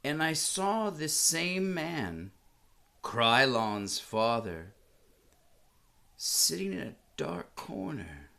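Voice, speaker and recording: A middle-aged man telling a comic story in a deadpan, mock-solemn, formal way. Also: a little high, creaky. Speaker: comedian.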